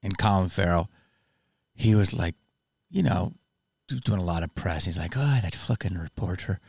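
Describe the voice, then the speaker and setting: Telling stories and laughing often, this podcast host keeps things casual and animated. His voice is low-pitched with vocal fry, his pace moderate, and the recording dry.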